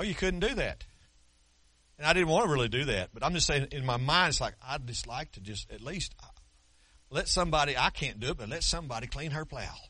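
Forceful folksy preacher in his sixties. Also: medium pitch, dry recording. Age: 60s. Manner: folksy storytelling with humor. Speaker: pastor. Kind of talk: sermon.

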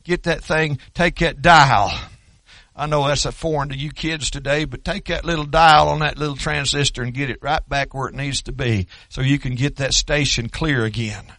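An older man from Oklahoma preaching a sermon, wandering into folksy asides and building to loud shouted stretches. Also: mid-range voice, normal speed, no room sound.

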